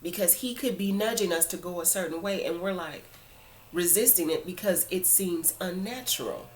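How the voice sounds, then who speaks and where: A woman with a fairly low voice, speaking earnestly and a bit preachily in a casual faith talk. Her delivery is conversational and loose, full of fillers. A faint hiss sits under her voice. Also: normal speed. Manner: informal phrasing with many fillers. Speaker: Christian vlogger.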